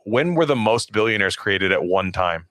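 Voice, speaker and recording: A man's voice: on the low side, animated, moderate pace, fairly bright tone, no echo, clean studio sound. A man co-hosting a podcast in casual political chat, rambling with many restarts, fillers and swearing. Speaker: podcast co-host.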